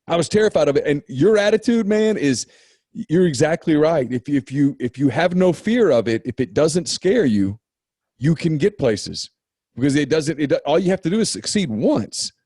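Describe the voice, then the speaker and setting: Mellow middle-aged podcast host, dry. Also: male voice, on the high side, expressive, normal speed, breathy edge, no echo. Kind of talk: interview.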